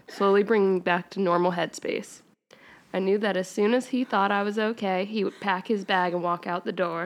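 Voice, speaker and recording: Giggling woman reading aloud on a podcast. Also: medium pitch. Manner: keeps breaking into laughter and wry asides while reading. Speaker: podcast co-host. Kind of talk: reading fan fiction aloud on a casual podcast.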